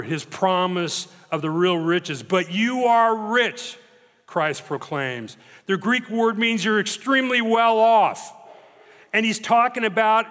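A man preaching a sermon as pastor, emphatic and dramatic, slowing down to stress repeated phrases. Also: sits high, pushed and bright. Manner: emphatic, dramatic retelling with slow stressed repetitions. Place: church sanctuary. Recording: long reverb of a church hall.

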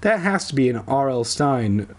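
A man's voice: medium pitch, sing-song, normal speed. A man from Southern California who reads a children's horror book aloud as host and breaks off into sarcastic, rambling, crude asides. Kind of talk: comic reading with crude asides.

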